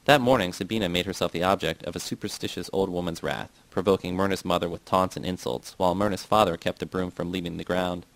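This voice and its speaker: A man with a deep, low voice reads a novel aloud. He keeps a plain, steady delivery and only shifts a little for the people he quotes. The sound is dry and close, with no room around it. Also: quick pace, vocal fry, few pauses, no room sound, low-quality recording. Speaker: audiobook reader.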